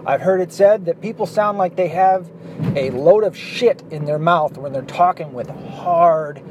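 A man rants bluntly and profanely from behind the wheel, his voice sitting a little high for a man. Faint road and traffic noise hums underneath. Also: a little slow, muffled recording. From Southern US, Arkansas. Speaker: vlogger. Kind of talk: ranting monologue while driving. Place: inside a car, driving. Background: faint car and street noise.

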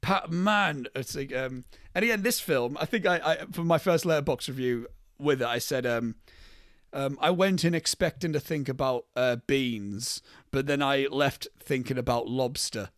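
In clean studio sound with no echo, a male podcast co-host with a mid-range voice chats casually about films at a moderate pace. He's animated and jokey, cracking wisecracks and slipping into impressions of movie quotes.

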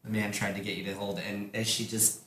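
Bright-voiced man running a tabletop game. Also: fairly low pitch, brisk. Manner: relaxed, rambling, hesitant with many fillers. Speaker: game master. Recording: echoey room, faint noise.

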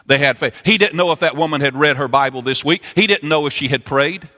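A man preaching a sermon, impassioned and repetitive, climbing into sung, chanting peaks before dropping low. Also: fast talker, pushed and bright. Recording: long hall reverb.

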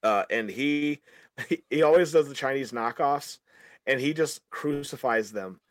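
Rambling opinionated podcast host. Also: male voice, mid-range voice, a little slow, no echo. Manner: rambling, animated opinionated rant with restarts. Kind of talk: casual podcast chat.

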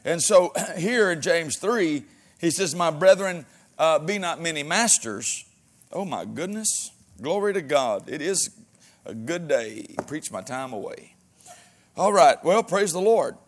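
A man preaching a sermon as pastor, with folksy humor and frequent amens, swinging between loud exhortation and quiet asides. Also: a little high, expressive, measured pace.

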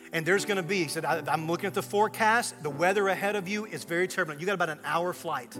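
Male pastor, sermon storyteller, slightly high voice, music bed underneath. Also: quick pace, few pauses. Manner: storytelling, swings from hushed to loud excited retelling.

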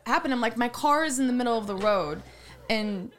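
Female podcast co-host, slightly high voice, lively storyteller who acts out the dialogue. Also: fairly quick. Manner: animated, laughing, acts out quoted voices. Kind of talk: casual storytelling chat.

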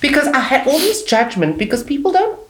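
A woman, an animated comedian chatting and laughing often. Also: high voice, a little fast, a little hiss or hum. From South Africa, Cape Town. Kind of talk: casual chat. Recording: echoey room.

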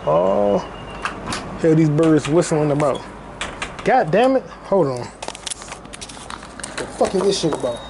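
A young man with a high, light voice rants alone into a podcast mic. He is amped and profane and repeats himself, packing his talk with slang. A faint hiss sits under the voice. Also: lively intonation, slow, gravelly, long pauses. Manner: hyped, profane, repetitive street slang. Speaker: podcast host. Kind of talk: casual solo podcast rant.

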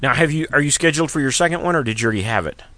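A man's voice: fairly high pitch, lively intonation, very fast, pushed and bright, no room sound. A man hosting a radio talk show, chatting casually and telling rambling jokes. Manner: rambling, joking storyteller. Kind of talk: casual on-air chat.

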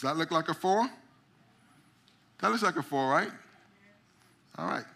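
Animated man teaching with stories. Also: a little high, a little slow, gravelly. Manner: animated storyteller, acts out voices. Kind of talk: teaching a memory drawing lesson.

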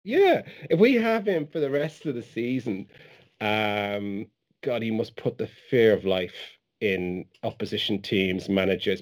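A man's voice: on the low side, a little mellow. A man talking football in a casual chat, enthusiastic and effusive.

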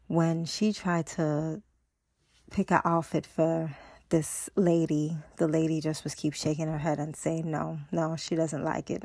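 Husky-voiced woman casually retelling a story. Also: low voice, darkish tone, no echo. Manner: rambling, fillers like "and so", "you know". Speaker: podcast host.

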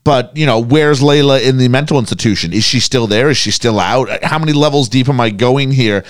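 A man's voice: medium pitch, brisk, no room sound, studio quality. A man co-hosting a podcast, discussing an episode critically with plenty of questions. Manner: critical, questioning, animated reactions. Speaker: podcast co-host. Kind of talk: casual discussion.

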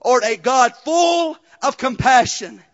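A male pastor preaching a sermon, moving from quiet testimony to rhythmic shouted preaching with "uh" breaths. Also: very high-pitched, expressive, takes it slowly, lo-fi sound.

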